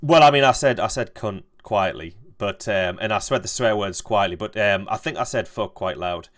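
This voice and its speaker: A young man streaming a game, telling a rambling, halting story and swearing freely. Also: on the low side, a bit bright. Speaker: gaming streamer. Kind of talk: casual storytelling while playing.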